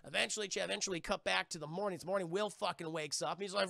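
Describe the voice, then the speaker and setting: A man's voice: high-pitched, steady tone, quick pace, creaky, hardly any pauses, pushed and bright, no echo. A man giving a rambling, constantly swearing comic recap of a movie, acting out the characters as he goes.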